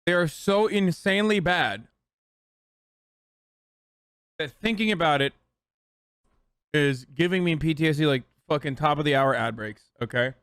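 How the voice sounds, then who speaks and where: A man hosting a stream, reacting to a video in casual, excitable, profane commentary. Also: a little high, normal speed, clean tone, dry recording, studio quality. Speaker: streamer host.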